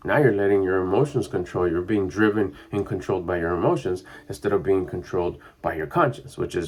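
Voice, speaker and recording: Middle-aged male coach, slightly low and breathy, loose conversational monologue. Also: fairly quick, hardly any pauses. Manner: rambling and conversational, with frequent fillers. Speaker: mindset coach. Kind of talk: casual monologue.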